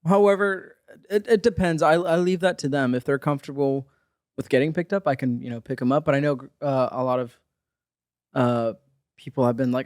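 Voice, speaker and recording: A man in his forties co-hosting a podcast, in casual chat, halting and repeating words, often laughing. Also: medium pitch, a little mellow, dry recording, clean studio sound. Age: 40s. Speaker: podcast co-host.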